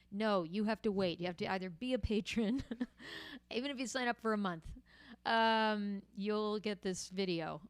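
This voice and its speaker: A woman chats casually to her livestream audience, friendly and loose with lots of little fillers. Her voice is smooth and clear at a middling pitch. The sound is dry and close, with no room around it. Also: no echo. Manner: chatty and friendly, with frequent fillers. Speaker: musician hosting a livestream. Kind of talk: casual livestream chat to viewers.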